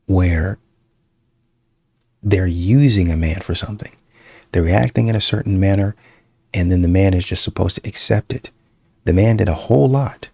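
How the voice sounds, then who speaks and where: Deep gravelly man giving commentary. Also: darkish tone, no echo. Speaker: reaction commentator. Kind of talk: commentary on a clip.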